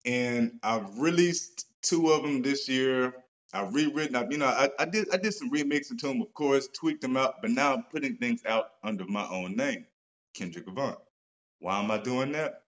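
Man hosting a casual live stream, mid-pitched, animated and salty, with slightly muffled home-stream audio. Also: normal speed. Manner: animated, swears casually, gets excited and loud. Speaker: author and host of a live stream. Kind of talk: casual motivational talk. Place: at home, seated in a wheelchair.

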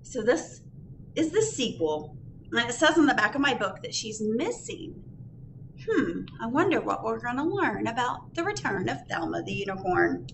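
A woman's voice: on the high side, very animated, normal speed, vocal fry, noisy background. A woman librarian reading a picture book aloud at children's storytime, sing-song and asking the children questions.

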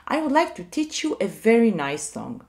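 A woman teaching a music lesson to young children, speaking clearly and leading them to repeat after her. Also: on the high side, sing-song, a little mellow. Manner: slow, clear and sing-song, leading call-and-repeat.

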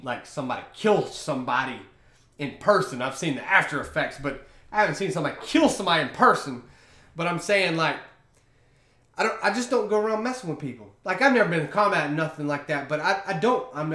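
A man's voice: on the high side, animated, brisk, bright, forceful tone. A young man hosting a podcast, chatting in a rambling, offhand way over a beer. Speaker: podcast host. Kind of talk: casual chat. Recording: roomy echo.

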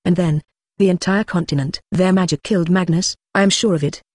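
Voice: mid-range voice, fairly even intonation, fairly quick, no room sound, natural voice. A stern young prince with a clipped, commanding manner, as voiced by an audiobook reader. He speaks curtly and coldly in the reading. The recording is dry and close. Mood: grieving then angry. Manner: curt and commanding.

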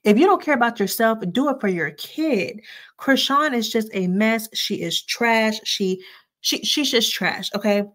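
A woman's voice: on the high side, a little slow, a bit bright. A woman in her twenties hosting casual pop-culture gossip commentary, blunt and sassy with slangy asides. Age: 20s.

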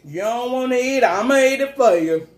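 A woman hosting a casual eating chat, teasing and lively with frequent laughs. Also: fairly high pitch, brisk. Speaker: mukbang host. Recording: echoey room with faint noise.

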